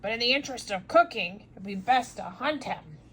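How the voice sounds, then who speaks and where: A woman reading a storybook aloud and voicing an eager, brash male harpooner with loud, emphatic lines. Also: mid-range voice, lively intonation, fairly quick, slight background noise, close to an everyday voice. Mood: excited.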